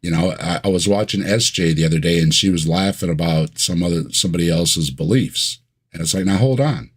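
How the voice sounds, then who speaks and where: A man who is a guest on a casual livestream chat, speaking in a wry, slow and deliberate way with dry asides. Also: low voice, slightly rough.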